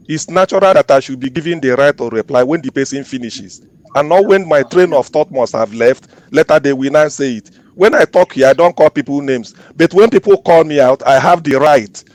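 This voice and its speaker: Indignant man, high voice. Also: lively intonation, fairly quick, a little mellow. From Nigeria. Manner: indignant, insistent, repeats himself. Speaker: discussion participant. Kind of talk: heated group discussion.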